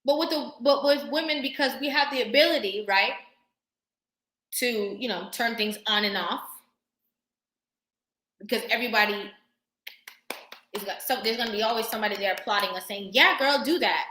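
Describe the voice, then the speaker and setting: A woman vlogger talking casually to camera, sassy and animated, laughing often. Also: on the high side, normal speed, pauses often, echoey room, a little hiss or hum.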